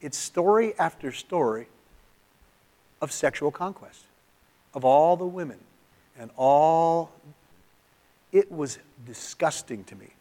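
A middle-aged man from California preaching in a church, telling a personal story in an emotional, confessional way, often dropping to a near-hush. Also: a little high, expressive, slow, long pauses. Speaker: pastor. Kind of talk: sermon storytelling.

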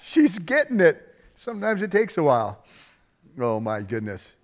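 A middle-aged man, a pastor, delivers a sermon in a relaxed, chatty style and often jokes with the people in front of him. His voice sits a little higher than most men's. He tells family stories as if talking with friends. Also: normal speed. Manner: folksy, conversational preaching with laughter and asides to the congregation.

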